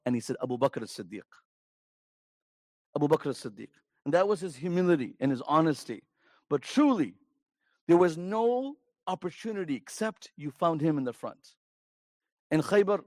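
A man's voice: high-pitched, dry recording, studio quality. A man preaching a sermon, telling a story in an emphatic way and asking his listeners rhetorical questions.

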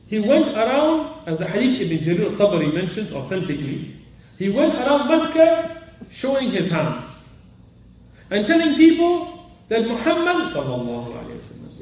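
Animated man teaching in an echoey hall. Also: sits high. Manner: animated, quizzes students, mixes Arabic terms into English. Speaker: Quran and Arabic teacher. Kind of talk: classroom lesson on Quran commentary. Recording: very echoey room, voice far from the mic.

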